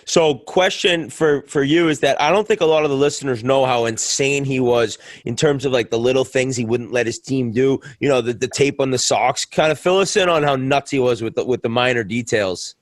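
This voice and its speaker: A man's voice: medium pitch, a little fast, hardly any pauses, dry recording. Podcast guy tossing a question to his guest, chill, dry sound. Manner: easygoing, asks loose questions. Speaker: podcast co-host. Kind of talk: casual chat, interviewing.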